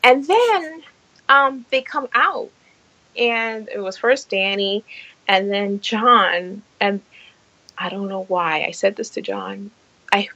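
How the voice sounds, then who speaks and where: A middle-aged woman hosting a casual podcast chat, telling stories with lively acted-out quotes. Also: mid-range voice, takes it slowly, vocal fry, dry recording, dull audio. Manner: animated storyteller, acts out quotes. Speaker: podcast host.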